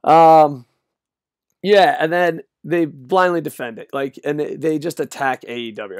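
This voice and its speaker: A man's voice: a little high, a little slow, vocal fry, a little mellow, dry recording, studio quality. An older man ranting, exasperated and sarcastic, with frequent profanity, in a solo video. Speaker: wrestling commentator.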